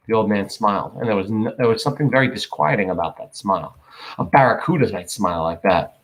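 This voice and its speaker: A man reading a novel aloud, casual, pausing to correct himself and comment. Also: mid-range voice, low-quality recording. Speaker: audiobook reader.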